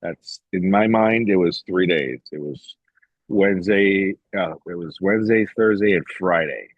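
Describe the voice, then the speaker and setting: A man with a low, husky voice tells a long, rambling story in casual podcast talk, swearing freely and acting out both sides of old conversations. The sound is dry and close, but a little dull. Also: a little slow, dry recording. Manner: profane, rambling, quotes others in dialogue. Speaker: podcast guest.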